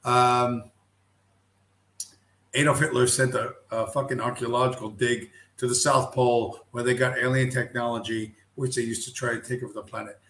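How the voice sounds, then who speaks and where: A middle-aged man hosts a casual livestream, ranting bluntly and heatedly with heavy profanity. His mid-range, slightly bright voice shows little pitch movement at a moderate pace, and the room echoes with slight background noise.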